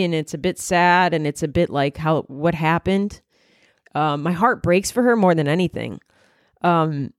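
A woman's voice: fairly low pitch, dry recording, studio quality. A woman in her thirties hosting a solo podcast, chatting casually in a candid, rambling way with plenty of swearing and filler words. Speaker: podcast host.

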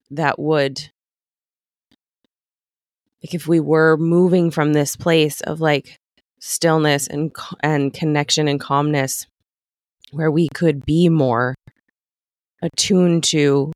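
A woman's voice: deep voice, creaky, dry recording. Reflective woman, dry close sound. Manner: reflective, searching for words with many restarts. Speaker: podcast co-host. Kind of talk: casual conversation.

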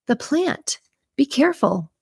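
A woman's voice: sits high, big pitch swings, a little slow, vocal fry, a little mellow, dry recording, clean studio sound, pitched above the performer's own voice, heavily acted. A woman putting on an eager, insistent young detective. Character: determined young female detective, excitable.

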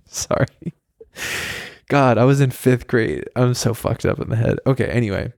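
Mellow-voiced man rambling through a story. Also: medium pitch, measured pace, vocal fry, dry recording, studio quality. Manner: rambling, swears, laughs at himself. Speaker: podcast host. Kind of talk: casual solo storytelling.

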